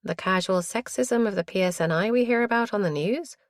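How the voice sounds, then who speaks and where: A woman's voice: medium pitch, a little fast, no room sound, studio quality, natural voice. Woman voicing a sardonic young woman.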